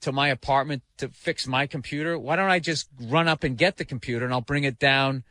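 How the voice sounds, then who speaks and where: A man telling profane stories in casual radio talk show chat, breaking into loud shouted impressions. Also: medium pitch, a little fast, no room sound. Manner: profane storyteller, animated bursts of shouting impressions.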